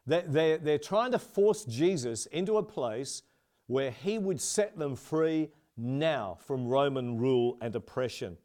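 A male pastor preaches to his congregation in an earnest, steady voice of middling pitch. He slows down on key phrases to give them weight. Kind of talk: sermon.

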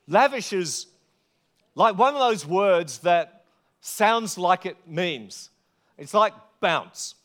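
High-voiced preacher man, earnest and emphatic. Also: a bit bright. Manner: earnest, emphatic, drawn-out stresses. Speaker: pastor. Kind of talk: sermon. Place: church gathering.

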